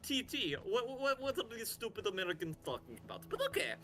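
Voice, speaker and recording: A man's voice: sits high, big pitch swings, a little fast, pushed and bright, faint music behind, voice pushed up, heavily acted. Man putting on a swaggering Russian chess veteran. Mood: boastful. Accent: put-on Russian. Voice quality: mocking, swaggering.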